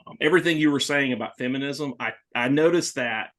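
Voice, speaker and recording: A man hosting a horror movie podcast, talking casually and excitedly with many restarts. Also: medium pitch, fast. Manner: rambling, animated, many restarts. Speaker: podcast host. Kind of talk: casual movie review chat.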